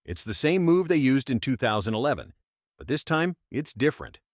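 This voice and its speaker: A man's voice: medium pitch, big pitch swings, fairly quick, dry recording. Dramatic male channel narrator, dry sound. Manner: dramatic, urgent delivery. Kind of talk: scripted narration.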